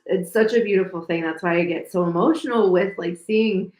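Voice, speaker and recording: A woman's voice: on the low side, a little fast, a little mellow. A woman co-hosting a podcast in casual chat, talking emotionally and gushingly with many fillers. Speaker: podcast co-host. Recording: roomy echo.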